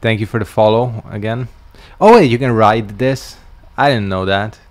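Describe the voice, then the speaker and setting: A man's voice: lowish voice, normal speed. A male streamer giving casual gameplay commentary, making wry jokes and yawning as he plays. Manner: wry, joking asides while playing. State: sleepy, yawning.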